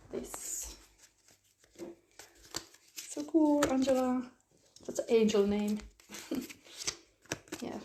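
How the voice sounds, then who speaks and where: Mellow-voiced woman rambling through a tarot reading. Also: mid-range voice, a little hiss or hum. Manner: rambling, searching for words, frequent fillers. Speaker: tarot reader. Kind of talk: live-streamed tarot reading.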